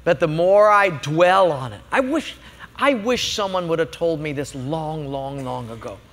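A man's voice: fairly high pitch, expressive, unhurried, fairly bright tone, in a large hall. A man preaching a sermon as a pastor, emphatic and humorous, telling stories to make his points.

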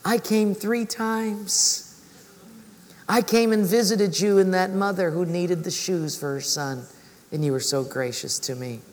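A man voicing a gentle, kindly Lord who speaks reassuringly, in a reverberant hall. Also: high-pitched, fairly even intonation, a little slow.

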